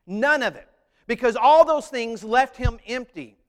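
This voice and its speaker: A man preaching a sermon as pastor, animated, acting out voices and singing short snippets. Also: extremely high pitch, a little slow, big-room sound.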